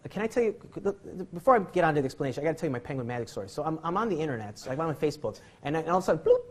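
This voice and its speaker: A man's voice: a little high, sing-song, racing. A man giving a magic lecture, telling rambling self-deprecating stories and restarting his sentences often. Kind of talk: rambling comic storytelling and demonstration.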